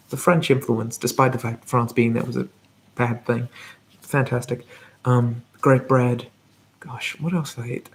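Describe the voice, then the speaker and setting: A man hosting a live whispered ASMR Q&A, talking softly and rambling as he reads out viewer comments. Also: mid-range voice, slight background noise. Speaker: ASMR channel host.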